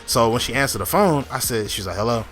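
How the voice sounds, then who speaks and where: In an expressive, quick, fairly bright mid-range voice, a young gaming channel host spins a long, casual story while playing, stuffed with fillers, restarts, and profanity.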